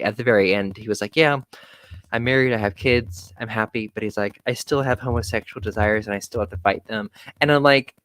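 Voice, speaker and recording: A young man telling stories in a casual chat, animated, quoting people, swearing and laughing often. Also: on the low side, poor audio. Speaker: podcast guest.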